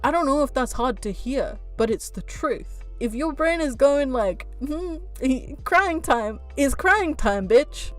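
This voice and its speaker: A woman vlogger talking to camera in a frank, heated rant, swearing freely and laughing at herself. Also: on the high side. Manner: blunt, swearing, frank rants; heated, animated. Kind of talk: casual chat to camera.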